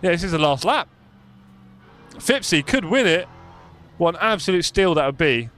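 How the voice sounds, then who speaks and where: A man's voice: on the high side, very animated, normal speed, fairly bright tone. A young man live-streaming sim racing, chatty and self-mocking, calling the race as he drives.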